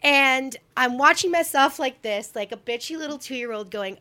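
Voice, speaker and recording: A middle-aged woman in a casual chat, telling a story in an animated, self-mocking way and swearing freely. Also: high-pitched, moderate pace. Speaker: guest speaker.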